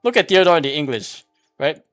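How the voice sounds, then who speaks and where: A man's voice: on the high side, very animated, fairly quick, a bit bright, no echo, soft background music. Rambling, argumentative man, dry sound. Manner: rambling and argumentative, with many restarts and fillers; repeats "here's the thing" when making a point. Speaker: streamer. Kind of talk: casual spoken commentary.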